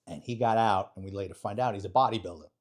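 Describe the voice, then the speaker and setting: A man's voice: on the low side, quick pace. A middle-aged man, a retired police detective telling a blunt, profane war story as a podcast guest. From New York. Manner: animated, blunt, profane storyteller who acts out dialogue.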